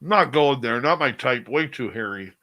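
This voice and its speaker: A man's voice: mid-range voice, expressive, normal speed, pushed and bright. A man hosting an online radio show, chatting casually with his audience in a sarcastic way while eating. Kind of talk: casual chat with live chat readers.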